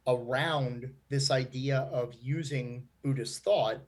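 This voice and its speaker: A man's voice: medium pitch, steady tone, takes it slowly. A man who founded a nonprofit, answering panel questions in a chatty way with lots of fillers. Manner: chatty, laughs often, many fillers.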